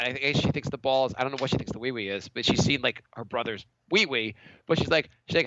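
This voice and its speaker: A man's voice: a little high, fast, bright, forceful tone, lo-fi sound. A man in his thirties co-hosting a comedy podcast, talking casually, laughing often and acting out little quotes. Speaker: podcast co-host.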